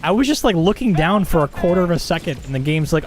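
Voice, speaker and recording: Casual guy streaming a game, lots of laughing and swearing, very lively pitch. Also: quick pace, hardly any pauses, faint music behind. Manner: chatty, laughing, swears a lot, mock-outraged. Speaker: gaming live streamer. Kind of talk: casual gameplay commentary.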